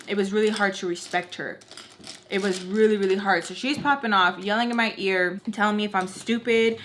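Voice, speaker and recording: A woman in her twenties telling a personal story to her viewers, animated and frank with casual slang. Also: medium pitch, a little hiss or hum. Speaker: storytime vlogger.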